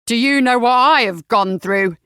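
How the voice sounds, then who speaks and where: Brief: woman playing a drawling highwayman, slow and loud, dry close read. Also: fairly even intonation, clear, resonant tone, no echo. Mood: menacing.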